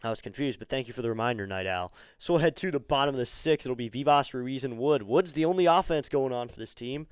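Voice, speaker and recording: Smooth-voiced man calling a game. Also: medium pitch, fast, few pauses, no room sound, studio quality. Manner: chatty, excitable on big plays. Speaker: fan streamer calling the game. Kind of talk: live fan play-by-play commentary.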